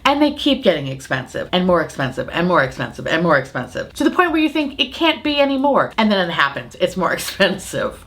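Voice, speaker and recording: A young adult woman talking casually to camera in a sassy, loud and playful way. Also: mid-range voice. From United States. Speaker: makeup vlogger.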